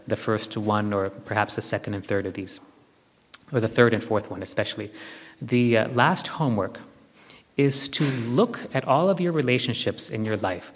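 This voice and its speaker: A man giving a live spiritual talk to a group, gently instructive and repeating his key phrases. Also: on the low side. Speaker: spiritual teacher. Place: large hall with long reverb. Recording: long hall reverb from a live talk.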